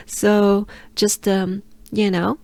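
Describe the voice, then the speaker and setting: A French woman with a French accent teaching pronunciation, repeating sounds to demonstrate and sometimes dropping into a breathy near-whisper to explain. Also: mid-range voice, extremely slow, darkish tone, no echo. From France. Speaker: pronunciation coach. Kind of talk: pronunciation lesson.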